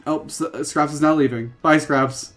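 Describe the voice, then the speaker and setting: A man's voice: a little high, steady tone, normal speed. Casual male game streamer, self-mocking banter, faint music underneath. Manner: reads chat, jokes, self-mocking. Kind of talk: casual livestream chat.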